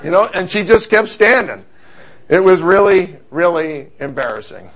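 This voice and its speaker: Man, middle-aged, preacher, high voice, animated storytelling sermon. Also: moderate pace, a faint crowd.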